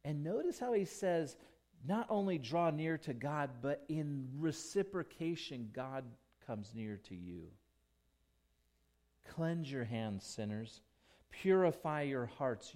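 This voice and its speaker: A male pastor preaching a sermon, emphatic, with big swings between quiet and loud. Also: expressive. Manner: slow, emphatic preaching with dramatic swings in volume and pitch.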